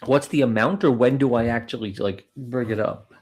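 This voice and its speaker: A man co-hosting a comedy podcast, tossing in deadpan jokes during casual chat. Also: medium pitch, moderate pace. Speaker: podcast co-host.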